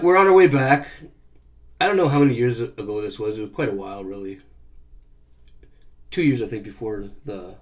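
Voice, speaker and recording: A middle-aged man telling stories casually on a vlog, cursing freely and growing animated. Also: mid-range voice. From Canada. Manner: profane, animated storyteller. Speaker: vlogger. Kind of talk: casual storytelling.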